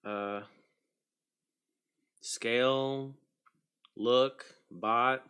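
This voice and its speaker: Male livestream host with a bright, forward tone, easygoing chat with viewers, mutters through tech fixes. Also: medium pitch, fairly even intonation, extremely slow, clean tone. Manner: chatty, greets viewers by name, mutters while fixing tech.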